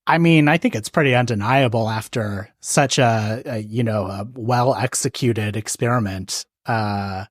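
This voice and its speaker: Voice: mid-range voice, unhurried, hardly any pauses, dry recording, clean studio sound. A podcast host reacting in casual chat, speaking hesitantly and laughing often.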